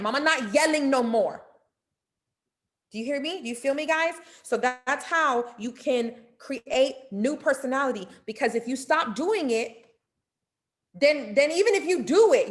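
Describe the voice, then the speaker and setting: A woman giving a casual, playful motivational mentorship talk, speaking directly to her listeners. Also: high-pitched. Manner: animated and playful, acting out inner dialogue.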